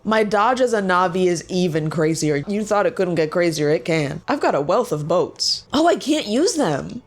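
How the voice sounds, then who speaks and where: A woman giving casual, joking gameplay commentary with quick, excitable exclamations. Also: lowish voice. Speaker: gaming video creator.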